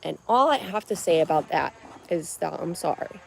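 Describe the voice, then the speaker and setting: A woman's voice: lowish voice, expressive, moderate pace, creaky, noisy background. A young woman live streaming in casual, rambling chat, dry-lipped and just woken up, talking in loose restarts. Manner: chatty and rambling, many "like"s and restarts.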